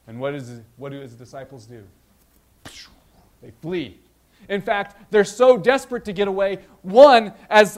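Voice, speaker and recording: A man preaching as pastor, retelling the story in a lively, storytelling way with voiced asides. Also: high voice. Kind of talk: sermon.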